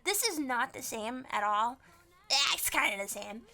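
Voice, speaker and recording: A woman streamer chatting casually with a guest, excitable, swearing freely and laughing often. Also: on the high side, moderate pace. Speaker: streamer host.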